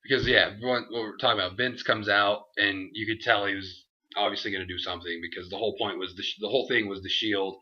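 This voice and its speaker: A young man co-hosting a casual review chat, animated and laughing, acting out what others said. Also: fairly low pitch, quick pace, few pauses. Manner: animated, acts out quotes, laughs often. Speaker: show co-host. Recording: dull lo-fi home recording.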